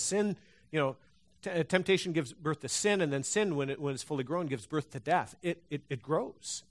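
A man preaching a sermon to a congregation, talking conversationally with frequent restarts and fillers. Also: on the high side. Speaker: pastor. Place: church hall before a congregation.

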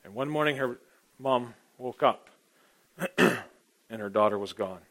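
Man, preacher, rambling sermon, mid-pitched voice, loud then hushed, clears his throat. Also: takes it slowly. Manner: rambling, informal, often clears throat, swings between loud and quiet.

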